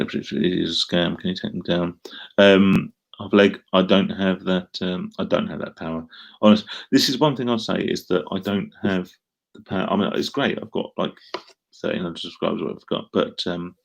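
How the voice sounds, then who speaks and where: A middle-aged Englishman with an Essex accent and a low, gravelly voice chats casually on a live stream. He rambles as he answers comments from viewers.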